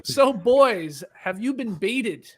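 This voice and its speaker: A man co-hosting a podcast, needling his friends with dry jokes. His voice is very high for a man. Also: animated, slow pace, loud music behind the voice. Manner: teasing and joking. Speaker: podcast co-host. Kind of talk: casual chat.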